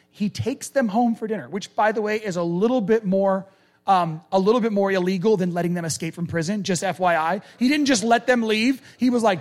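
High-pitched guy preaching, chatty and animated, does little voices for quotes. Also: brisk. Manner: conversational, animated, acts out quotes. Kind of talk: sermon.

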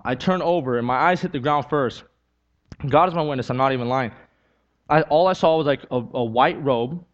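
A man's voice: medium pitch, moderate pace, muffled recording. A man preaching a sermon with a personal testimony, talking earnestly and conversationally, repeating key lines and building to emphatic peaks.

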